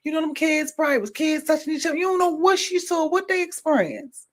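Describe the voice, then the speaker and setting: A woman hosting a podcast in casual chat, emphatic, repeating phrases for stress and swinging between loud and soft. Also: high-pitched, fast talker. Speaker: podcast host.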